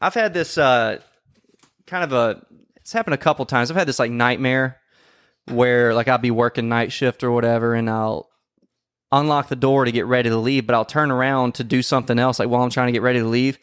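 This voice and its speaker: A man telling a story in casual podcast chat, swearing often and acting out quoted lines loudly. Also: medium pitch, a little fast, clean tone, no echo, studio quality. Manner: profane, animated, acts out quotes loudly. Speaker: podcast co-host.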